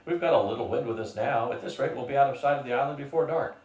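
Older male reader as a hearty, bearded adventurer. Mid pitch, roomy and distant. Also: fast, darkish tone, close to an everyday voice. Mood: easygoing. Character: bold, bearded man, seasoned adventurer.

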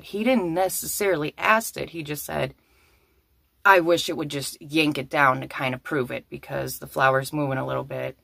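A young woman tells a story to her camera in a rush of excitement and keeps breaking into exclamations. Her voice sits fairly low. The sound is dry and close, with no room echo. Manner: breathless, excitable, many exclamations. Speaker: vlogger telling a story. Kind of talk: storytime vlog.

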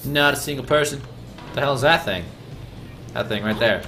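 A man hosting a let's play with loud, profane, rowdy outbursts and game audio behind him. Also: medium pitch, normal speed, vocal fry. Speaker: gaming channel host. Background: game audio and music.

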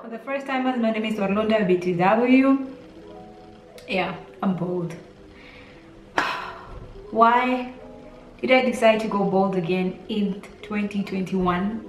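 A woman's voice: mid-range voice, a little slow. A young woman with a Namibian accent gives an intimate heart-to-heart vlog talk, emotional and close to tears, rambling with lots of "like" and "literally". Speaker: beauty vlogger. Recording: roomy echo, distant mic, faint music.

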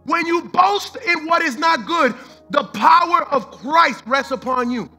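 A man's voice: very high voice, animated, measured pace, gravelly, sharp tone, soft background music. A man preaching a sermon as pastor, fervent and repetitive, mixing in street slang and the odd line of Spanish.

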